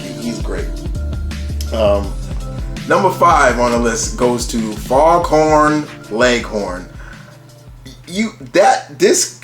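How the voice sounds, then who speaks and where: A channel host with a medium-pitched voice casually runs through a ranked list of his favourite cartoon characters, rambling, restarting often and swearing casually. The room sounds echoey.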